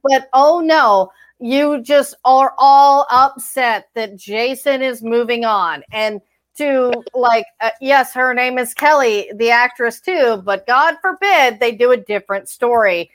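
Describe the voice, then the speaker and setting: A woman's voice: a little high, slow pace. A woman co-hosting a fan podcast, delivering a heated, sarcastic, profane rant. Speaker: podcast co-host. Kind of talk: ranting fan podcast chat.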